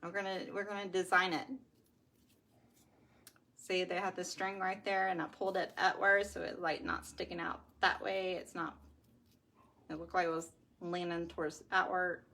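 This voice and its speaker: A woman's voice: fairly low pitch, flat delivery, normal speed, pauses often, bright, forceful tone. Chatty woman. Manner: chatty, laughs often, talks to viewers as y'all. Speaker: craft livestream host. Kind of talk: casual live craft chat.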